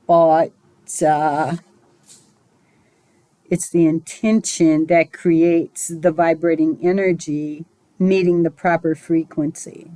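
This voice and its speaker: A woman giving a recorded spiritual lesson as its teacher, talking in a measured, musing way with small digressions. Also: deep voice, mellow, no room sound, rough recording.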